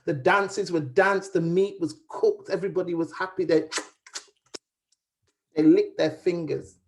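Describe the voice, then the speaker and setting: A woman's voice: fairly low pitch, steady tone, a little slow, darkish tone. A woman storyteller telling a folktale aloud in a rhythmic, dramatic way, with repetition. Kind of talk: oral storytelling.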